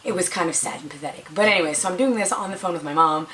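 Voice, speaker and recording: A young woman vlogger chatting casually through a storytime, acting out quoted lines in a higher voice and playing up her own drama. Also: rapid-fire, a bit bright.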